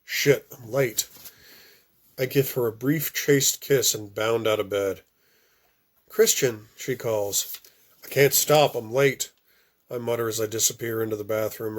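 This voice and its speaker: Low-voiced man reading a novel aloud. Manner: reads with occasional stumbles and restarts. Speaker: audiobook reader. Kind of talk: amateur first-person novel reading.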